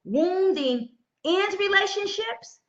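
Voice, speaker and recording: A woman's voice: extremely high pitch, animated, takes it slowly, fairly bright tone, dull audio. A woman giving an inspirational live-stream talk in a preachy way, repeating key phrases and greeting viewers by name. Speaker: motivational speaker.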